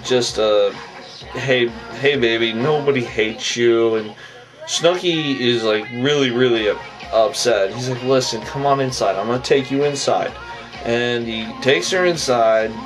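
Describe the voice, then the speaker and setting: A man's voice: mid-range voice, far from the mic, rough recording. A man casually recapping a reality show episode, rambling with lots of fillers and a habit of adding "on that". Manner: rambling, many fillers, repeats the phrase "on that".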